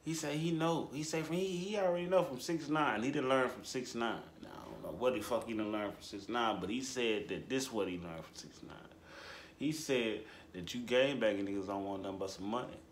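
A man giving casual reaction commentary, drawling and repeating himself, his voice jumping high for emphasis. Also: fairly quick, roomy sound, slight background noise. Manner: animated, drawling, repetitive, voice jumps high for emphasis. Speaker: commentary host.

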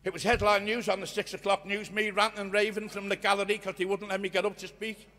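A man's voice: high-pitched, flat delivery, fast talker. Older man speaking in an echoing hall. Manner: earnest, swings from hushed to shouting, swears. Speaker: guest speaker at a union conference. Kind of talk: impassioned storytelling speech. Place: conference hall. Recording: long reverb of a conference hall.

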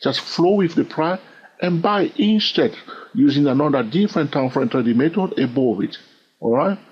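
A man with a French-influenced accent, teaching a trading lesson in an animated way and often checking in with "all right?". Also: fairly high pitch, moderate pace, slight background noise. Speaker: trading instructor. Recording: dull lo-fi recording.

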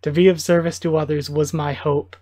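A man voicing a gentle-mannered adult male reformed villain, reading his lines in an earnest, reflective way. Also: a little high, little pitch movement, brisk, dry recording, natural voice.

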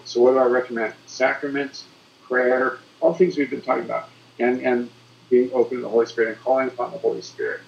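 A man's voice: medium pitch, vocal fry, darkish tone, muffled recording. A man who is a priest, giving encouraging advice on a panel and often repeating his words.

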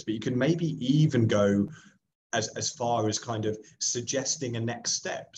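A man with a slightly hoarse voice, losing it a bit, gives an encouraging career webinar over a video call. He repeats himself often, with many fillers and restarts. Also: medium pitch, darkish tone, a little hiss or hum. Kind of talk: presenting to a webinar audience.

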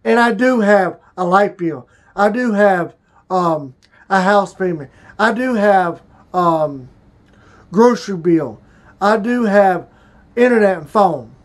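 Slow, halting high-voiced man. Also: animated. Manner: slow, halting and emotional, with restarts. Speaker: vlogger. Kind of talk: personal confessional vlog.

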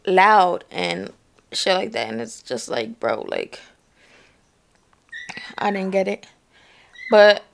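Young woman vlogger, gravelly, in pain and worn out, blunt slangy talk with swearing, home recording. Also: medium pitch. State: in pain after surgery, worn out. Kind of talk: casual chat to camera.

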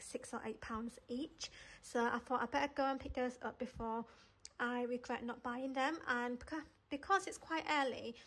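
A woman's voice: fairly high pitch, a bit bright. A woman vlogging in casual, rambling chat, slightly out of breath, with lots of fillers and restarts. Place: shops and home, indoors.

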